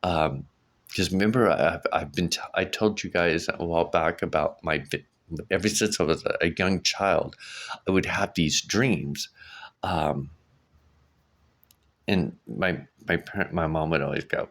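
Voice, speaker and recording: Deep-voiced middle-aged man rambling. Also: measured pace, a bit bright. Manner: rambling, with many restarts and fillers. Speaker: vlogger. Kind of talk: casual vlog monologue.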